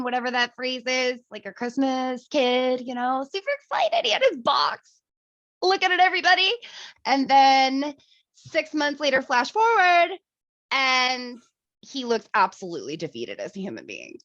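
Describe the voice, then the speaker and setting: A woman co-hosting a casual movie review chat, animated and laughing, swearing freely. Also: sits high, no room sound, lo-fi sound.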